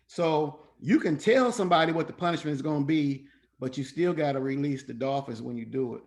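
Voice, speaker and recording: A man leading a parenting class over an online call, talking informally, animated and profane, and slipping into other voices for quotes. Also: fairly high pitch, brisk. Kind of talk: informal coaching talk.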